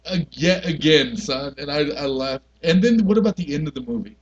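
A man's voice: a little high, lively intonation, brisk, highs cut off. A man co-hosting a podcast, chatting casually about a movie, laughing often and using slangy talk. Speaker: podcast co-host.

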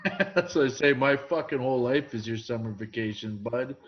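A man's voice: medium pitch, fairly quick, dull audio. A man joking around in a casual podcast chat, swearing freely. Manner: joking, profane, laughs often.

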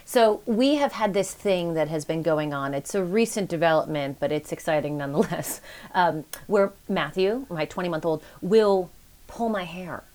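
Mom in her thirties telling a story, animated, laughs at herself. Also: on the low side, normal speed. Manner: animated, self-deprecating, laughs while telling. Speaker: podcast host, mother of a toddler. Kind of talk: casual conversational storytelling.

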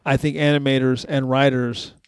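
A man co-hosting a casual podcast, his voice carrying a gravelly edge. He tells stories with energy, laughs often and swears without a second thought. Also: medium pitch, moderate pace, no echo. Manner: animated storyteller, laughs often, swears freely. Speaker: podcast co-host.

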